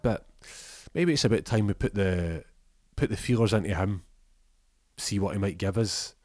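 A man tells a rambling comic story and keeps jumping into the voices of his characters. His voice sits very low. The sound is dry and close, with no room around it. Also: a little mellow, dry recording. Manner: rambling, acts out characters in quick bursts. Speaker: comedian telling a story.

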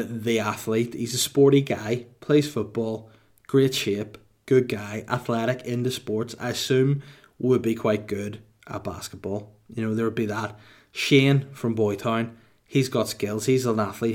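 A man in his thirties with a Northern Irish accent, answering listener questions in casual chat with mock-boastful, deadpan jokes. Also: mid-range voice.

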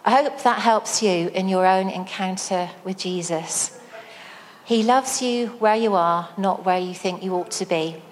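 A woman giving a sermon, telling a personal story with a slow, storytelling delivery. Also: medium pitch, in a large hall. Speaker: speaker at a church service.

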